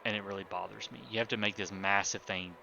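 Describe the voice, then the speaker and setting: A man's voice: on the low side, steady tone, quick pace, vocal fry, dull audio, background noise. A man streaming a game live, thinking aloud in a casual, chatty way, asking his viewers for ideas and grumbling a little with small restarts. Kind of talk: casual live-stream commentary while playing.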